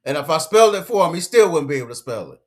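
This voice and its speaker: A man's voice: fairly high pitch, big pitch swings, very fast. A man giving a casual commentary rant, emphatic and lecturing, full of slang and repeated points. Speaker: commentary vlogger.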